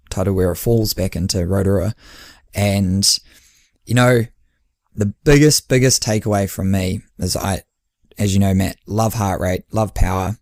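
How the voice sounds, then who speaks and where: A man's voice: lowish voice, a little mellow, no room sound, clean studio sound. A man, co-hosting a podcast and chatting casually as an endurance coach, often laughing and acting out his own dialogue. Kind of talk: casual chat.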